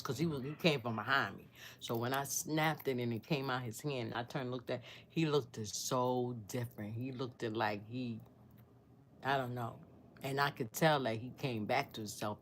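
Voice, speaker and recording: A woman in her sixties telling a personal story on her channel, earnest and devout, rambling as she searches for words and sometimes dropping to a hushed near-whisper. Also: very deep voice, a little hiss or hum. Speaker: storyteller vlogger.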